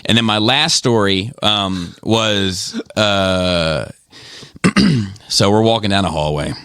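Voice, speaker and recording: A man from Maryland with a low voice tells casual stories on a podcast, swearing freely and acting out the people in them. His voice is recorded dry and close, with no room sound. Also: slow pace, clear, resonant tone, no room sound. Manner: profane, animated retelling with quoted voices. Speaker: podcast host. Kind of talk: casual storytelling.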